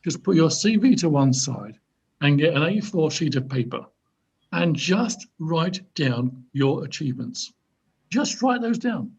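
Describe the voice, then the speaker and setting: Husky man giving lively advice. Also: on the high side. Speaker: career mentor. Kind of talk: advice in an online mentoring session. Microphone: video call. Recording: dull video call audio.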